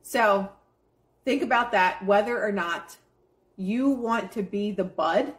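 A woman's voice: medium pitch, takes it slowly, long pauses. A woman hosts a live stream and delivers a casual motivational pep talk. She preaches in a blunt, emphatic way and swears freely as she addresses her chat.

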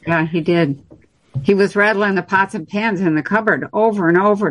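A woman guest on a livestream talking calmly and reflectively in casual conversation. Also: mid-range voice, moderate pace, dry recording, low-quality recording. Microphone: livestream video call.

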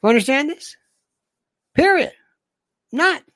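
A woman's voice: sits high, animated, slow, fairly bright tone. A woman hosting a livestream, ranting animatedly and reading viewer comments aloud. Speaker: livestream host. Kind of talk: casual livestream monologue.

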